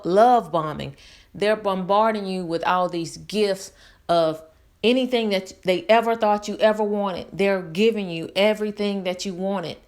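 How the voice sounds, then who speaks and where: Woman channel host, candid personal talk, earnest, repeats for emphasis, medium pitch.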